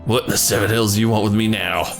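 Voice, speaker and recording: A man voicing a gruff, hard-drinking male merchant in a video game, with a gravelly smoker's rasp and a surly, dismissive manner. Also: on the low side, fairly even intonation, fast talker, soft background music.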